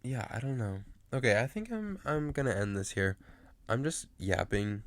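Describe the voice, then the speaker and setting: A man's voice: medium pitch, big pitch swings, normal speed, no room sound. A man in his late teens chatting casually to camera, rambling with lots of fillers and restarts. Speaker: vlogger.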